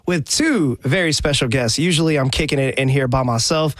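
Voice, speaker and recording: A man hosting a radio show in a studio, relaxed and laughing along with his guests. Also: mid-range voice, fairly quick, dry recording. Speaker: radio host. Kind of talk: radio interview. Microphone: studio microphone.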